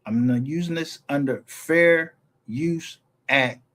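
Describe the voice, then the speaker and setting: A man's voice: on the high side, slow pace, a bit bright. Man ranting in heated profane commentary. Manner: profane, rambling, heated, with frequent restarts. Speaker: YouTube commentator.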